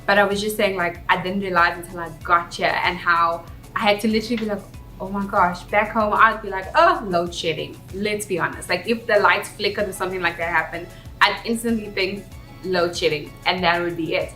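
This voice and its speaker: A bright, forceful voice of medium pitch comes from a young South African woman who talks a little fast with fairly even intonation. She's chatting candidly and reflectively in a vlog, with a roomy echo and faint background music.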